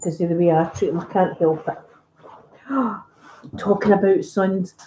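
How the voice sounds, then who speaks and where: A woman's voice: on the low side, fairly even intonation, unhurried, dark tone, slight background noise. A woman with a Scottish accent chatting casually on a live stream while ironing at home, talking in a rambling, self-deprecating way. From Scotland. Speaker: ASMR YouTuber. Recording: echoey room.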